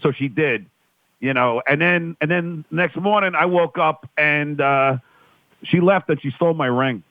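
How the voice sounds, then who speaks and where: A man's voice: fairly high pitch, dry recording. A man from New York, a guest calling in by phone, telling raunchy stories in crude banter. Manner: raunchy, storytelling, quick denials. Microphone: phone line. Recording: tinny phone line.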